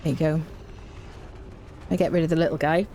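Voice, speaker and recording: A woman's voice: deep voice, steady tone, a little fast, mellow, a little hiss or hum. Chatty woman narrating gameplay. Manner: chatty, hums and sings little tunes. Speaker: let's play host. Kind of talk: casual gameplay commentary.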